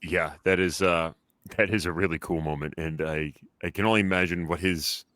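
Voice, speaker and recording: A man hosting a podcast, asking questions in a relaxed, encouraging way and laughing easily. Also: deep voice, normal speed, dry recording. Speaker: podcast host. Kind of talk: casual interview chat.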